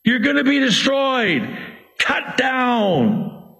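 A male pastor preaching a sermon in an emphatic, theatrical way, swinging between quiet and loud. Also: very high voice, sing-song, very slow.

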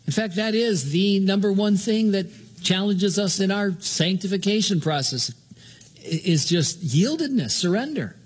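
Husky-voiced older male pastor preaching. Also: high-pitched, expressive, measured pace. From Southern California. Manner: earnest, conversational preaching with frequent restarts. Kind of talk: sermon.

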